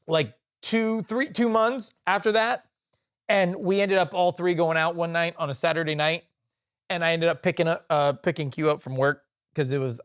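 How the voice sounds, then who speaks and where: A man co-hosting a podcast, telling stories in casual chat, animated and laughing often, with frequent restarts. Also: fairly high pitch, clear, resonant tone. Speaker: podcast co-host. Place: podcast recording room.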